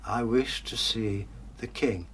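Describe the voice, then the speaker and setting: A filthy, poor tramp who speaks in a low, glum grumble, self-deprecating and a bit cheeky, as a man puts him on. He sounds humble in a storybook tale told aloud. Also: slow pace, fairly bright tone, husky, full character voice.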